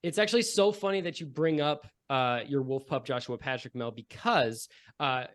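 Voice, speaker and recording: A man's voice: medium pitch, normal speed. A man narrating a comedic tabletop game as game master, casual with many fillers.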